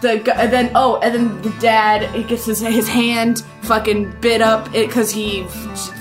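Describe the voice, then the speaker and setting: A woman's voice: a little high, little pitch movement, measured pace, over music. Profane, rambling Irish woman. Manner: rambling, profane, laughing storyteller. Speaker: podcast co-host. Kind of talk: casual chat, movie recap.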